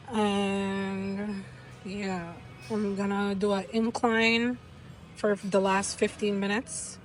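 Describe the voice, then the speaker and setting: A woman's voice: medium pitch, low-quality recording. A young woman vlogging candidly at the gym, out of breath after a treadmill walk. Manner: candid, chatty. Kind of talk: casual vlog chat.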